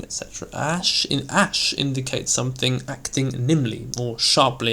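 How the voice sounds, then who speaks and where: A man reading aloud from an old elocution textbook, slowly and deliberately, voicing each example word to show its character. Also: medium pitch, creaky, bright, forceful tone. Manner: slow deliberate reading, acting out example words. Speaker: reader of an old elocution text.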